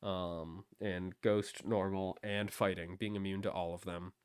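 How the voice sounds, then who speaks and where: A man's voice: deep voice, flat delivery, unhurried, smooth, no echo, clean studio sound. A man hosting a casual discussion, talking in a hesitant way with many ums. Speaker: host.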